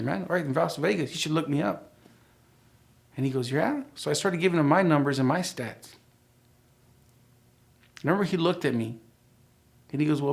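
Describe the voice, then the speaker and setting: Middle-aged man, gravelly voice, animated testimony storyteller. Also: a little high. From United States. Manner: animated storyteller, acting out quoted dialogue. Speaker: church member sharing his testimony.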